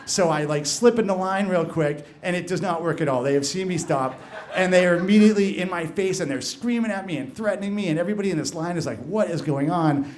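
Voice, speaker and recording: A man's voice: high-pitched, fast, a little hiss or hum. Man telling a story to a live crowd. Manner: conversational, frequent "like" fillers and restarts. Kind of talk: live first-person storytelling. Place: live story slam event.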